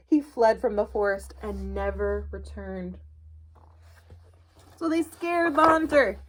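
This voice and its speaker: A woman's voice: mid-range voice, takes it slowly, pauses often, a little hiss or hum. A woman librarian reading picture books to children in a virtual storytime and asking them questions. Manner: animated, asks children questions.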